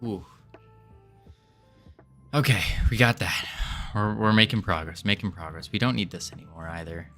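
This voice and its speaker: A man's voice: fairly low pitch, normal speed, pauses often, bright, forceful tone, faint music behind. A man streaming his game development work, chatting casually and thinking aloud while he codes, joking and rambling as he goes. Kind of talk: casual live-stream chat while coding.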